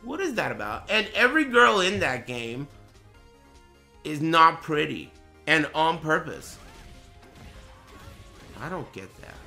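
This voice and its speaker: A man's voice: fairly high pitch, very animated, a little slow, vocal fry, pushed and bright, soft background music. A man streaming a casual reaction chat, brash and profane, trash-talking his viewers.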